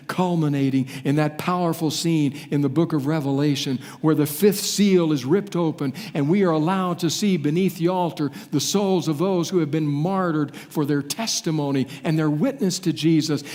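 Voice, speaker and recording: A man's voice: a little high, a little mellow. Man preaching dramatically in a reverberant hall. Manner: dramatic preaching with long pauses and falling phrase endings. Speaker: pastor. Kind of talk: sermon.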